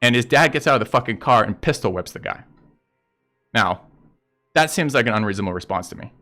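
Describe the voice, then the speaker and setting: A man's voice: medium pitch, lively intonation, a little fast, bright, forceful tone, faint music behind. A man streaming and telling a story in casual chat with viewers, blunt and profane as he rants about a road dispute.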